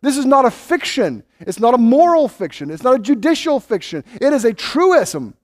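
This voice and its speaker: A man preaching a sermon, swinging between loud bold declarations and hushed, intimate asides. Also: very high-pitched, sing-song, moderate pace, no echo, clean studio sound. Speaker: pastor.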